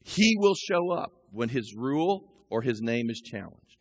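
A man in his sixties preaching a sermon, talking through scripture and personal stories and building to loud, rising peaks. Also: medium pitch, big pitch swings, unhurried, husky, no echo. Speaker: pastor.

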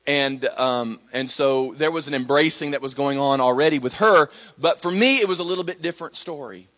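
A man's voice: mid-range voice, a little fast, fairly bright tone, in a large hall. A middle-aged man, a pastor, telling a personal story in a sermon, conversational with fillers and restarts. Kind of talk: sermon testimony.

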